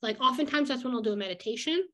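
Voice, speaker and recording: A woman's voice: high-pitched, expressive, very fast, sharp tone. A young woman vlogger chatting casually about her daily routine, full of "like" and easy laughs. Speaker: illustrator vlogger. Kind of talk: casual vlog chat.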